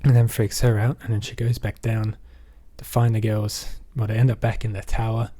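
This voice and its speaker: An Australian man talks through a movie plot in a loose, rambling recap, padding his sentences with "basically" and "um". His voice sits low and mellow with a husky edge. He keeps a flat, even delivery throughout. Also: normal speed. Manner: rambling, leans on fillers like "basically" and "um". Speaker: movie reviewer. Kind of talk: casual spoken movie recap.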